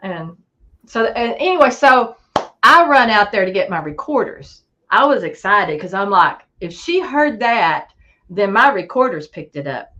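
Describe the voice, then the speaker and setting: A woman tells a story in a relaxed chat, her pitch swooping up as she acts out the voices of the people she quotes. The sound is muffled and lo-fi, like call audio. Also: measured pace. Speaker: podcast guest.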